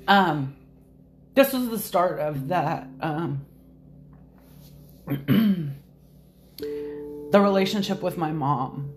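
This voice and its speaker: A woman's voice: fairly low pitch, lively intonation, drawn-out words, long pauses. A woman guest on a podcast telling a personal story candidly, hesitant and restarting often. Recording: soft music behind.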